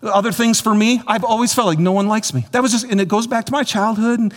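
A man preaching a sermon as pastor, animated and repetitive, speaking straight to his congregation. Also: sits high, fast. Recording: long hall reverb.

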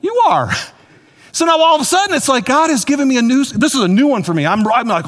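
A man preaching a sermon as pastor, animated and repetitive, speaking straight to his congregation. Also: very high-pitched, fast talker. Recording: long hall reverb.

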